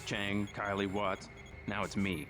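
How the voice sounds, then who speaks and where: A man's voice: fairly low pitch, little pitch movement, slow pace. An actor playing a paranoid, resentful male office technician in a video game. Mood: bitter. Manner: resentful, fatalistic. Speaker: game character. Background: game music.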